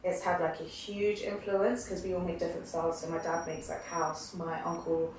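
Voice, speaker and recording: A woman's voice: fairly low pitch, level tone, normal speed. A young woman from England, a guest musician, chatting casually and rambling with lots of fillers. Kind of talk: casual podcast chat. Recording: echoey room, distant mic, faint noise.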